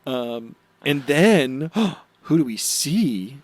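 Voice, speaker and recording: A man co-hosting a casual podcast, recapping anime episodes, excitable and swearing, acting out character lines in quick voices. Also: on the high side, no echo. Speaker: podcast co-host.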